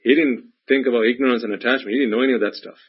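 Husky male Buddhist teacher giving a dharma talk, mid-pitched, many rhetorical questions. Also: fairly even intonation, very fast. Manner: repetitive, full of rhetorical questions. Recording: dull lo-fi recording.

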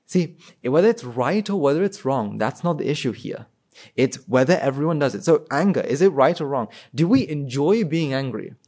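Animated and speaking at a normal speed, a man with a voice on the high side and a darkish tone addresses an audience informally. He poses rhetorical questions to his listeners and often starts his sentences over.

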